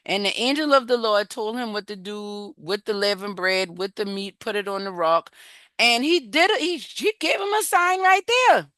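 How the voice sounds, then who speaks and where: A woman coaching a support group, retelling scripture in an animated, encouraging, conversational way. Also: mid-range voice, normal speed, dry recording. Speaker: emotional wellness coach leading a support group. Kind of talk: faith-based coaching talk retelling scripture.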